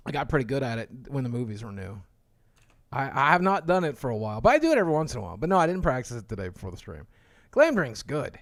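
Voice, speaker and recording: Guy streaming a card review, high lively voice, reads cards out and chats with viewers. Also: no echo, clean studio sound. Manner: reads card text aloud, chatty asides, thanks viewers. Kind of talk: casual live-stream commentary.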